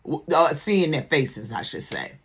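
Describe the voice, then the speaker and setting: With a low, husky voice, a woman delivers very animated, slightly slow commentary on a TV series. She's sassy and emphatic, doubling up words for emphasis and repeatedly asking "okay?" to check the listener agrees.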